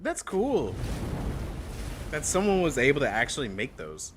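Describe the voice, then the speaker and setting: A man streaming a horror game, chatting casually with his viewers and reacting with quick laughs. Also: mid-range voice, wildly swooping pitch, background noise. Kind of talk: casual gameplay commentary.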